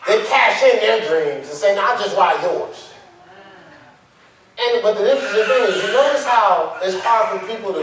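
A male pastor preaching in a fairly high voice. His delivery is conversational, animated storytelling full of slang. The church hall echoes heavily, and he is far from the mic. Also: slight background noise. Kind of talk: sermon.

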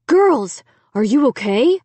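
A woman's voice: mid-range voice, sing-song, fairly quick, a little mellow, slightly rough, dry recording. A woman voicing a father in an audiobook, anxious at first and then firmly reassuring. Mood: earnest.

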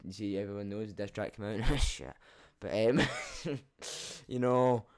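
A man's voice: fairly low pitch, a little slow, darkish tone. Cheeky young Scottish man. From Scotland. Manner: cheeky, swears freely, laughs at himself. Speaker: YouTuber. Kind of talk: reading and reacting to comments.

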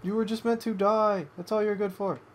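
An excitable young gamer calls a match live, cursing at rivals and breaking off to coax a pet in a lifted voice. The pitch sits mid-range, with a faint hiss of noise underneath. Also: a little fast. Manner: excitable, swears at opponents, coaxes a pet in a higher voice. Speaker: gamer doing live commentary. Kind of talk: live gameplay commentary.

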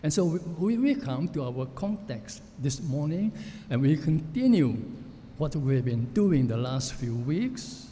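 Slow, mellow-voiced preacher in a reverberant church. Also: male voice, fairly high pitch, sing-song. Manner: slow, reflective, with frequent pauses and fillers. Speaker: pastor. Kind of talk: sermon. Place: church sanctuary. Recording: long church hall reverb with faint noise.

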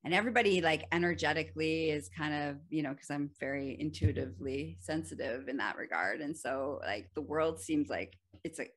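A woman's voice: deep voice, brisk, few pauses. A woman hosting a podcast, telling an everyday story in a casual, chatty way with frequent laughter and fillers. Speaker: podcast host. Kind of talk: casual solo podcast talk.

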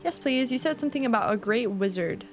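A woman's voice: fairly high pitch, animated, quick pace, faint music behind. A woman reading an earnest young girl. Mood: curious. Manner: reading dialogue aloud plainly.

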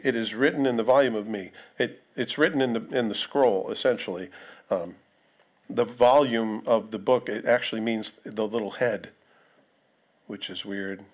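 A male pastor with a medium-pitched voice preaches conversationally, reading scripture aloud and posing questions to the congregation.

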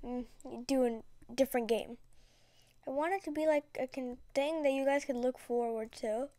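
A woman's voice: high-pitched, fairly even intonation, normal speed, dark tone, dry recording. A woman giving casual, rambling gameplay commentary, chatty and dramatic, full of slang. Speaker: gaming video creator.

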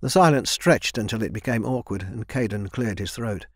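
A man narrating a young adult fantasy audiobook in an even, measured reading. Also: on the low side, dry recording, clean studio sound. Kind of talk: scripted narration.

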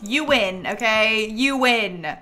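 Bubbly, high-voiced young woman streamer. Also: slow, soft background music. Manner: excitable, laughs often, swings between squeals and mutters. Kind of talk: live game-stream commentary.

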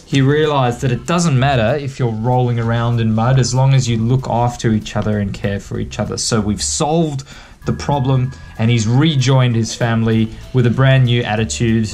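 A man from Western Australia, an author giving a relaxed, chatty writing lesson for kids. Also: mid-range voice, moderate pace, soft background music. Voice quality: relaxed, chatty explaining with fillers. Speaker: author-illustrator teaching kids. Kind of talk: picture book writing lesson.

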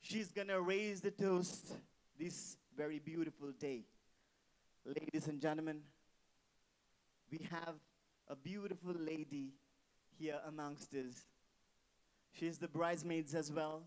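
His fairly high voice moves slowly, with long pauses, as he MCs a wedding reception in an indoor hall. Holding a handheld mic, he revs up the guests, repeats phrases and calls for noise; the audio is poor.

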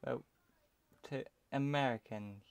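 A young British man with a medium-pitched, gravelly voice talks slowly as he plays a video game. As a let's play commentator he rambles to himself and trails off mid-sentence, and the recording has no echo.

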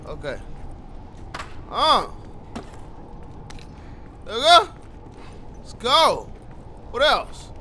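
High-pitched excitable man gaming. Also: extremely slow, pauses often, a little hiss or hum. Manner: loud, excitable, profane play-by-play reactions. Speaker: gameplay commentator. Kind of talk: live gameplay commentary.

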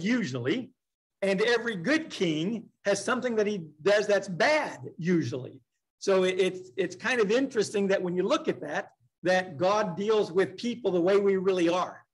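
High-voiced man teaching a Bible class. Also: breathy edge, poor audio. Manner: conversational, reads scripture slowly, asks the class questions. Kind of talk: casual Bible study teaching. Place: church classroom.

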